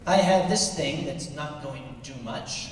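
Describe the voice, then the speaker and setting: Man voicing a dismissive lady pharmacist, low flat drawl, echoey far-off hall. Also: unhurried, a little hiss or hum, natural voice.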